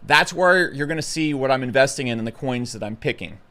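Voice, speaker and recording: A young man talking bluntly and excitably to camera about the markets, stumbling over his words. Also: mid-range voice, fairly quick. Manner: blunt, brash and excitable, with stutters and restarts. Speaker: crypto commentator. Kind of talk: casual opinionated talk to camera.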